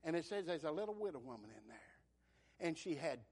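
A man preaching a fervent sermon, surging loud and then dropping soft. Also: on the high side, big pitch swings, moderate pace, slightly rough.

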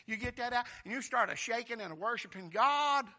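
A man's voice: very high voice, animated, fairly quick. Fervent preacher man. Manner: fervent, swings from quiet asides to shouted praise, calls out "Amen?". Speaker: pastor. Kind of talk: sermon.

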